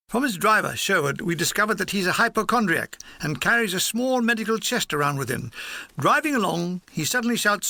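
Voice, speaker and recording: A man's voice: high-pitched, very animated, a little fast, creaky, sharp tone, no room sound. Dry, wry man reading his memoir. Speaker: author narrating his war memoir. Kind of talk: audiobook reading.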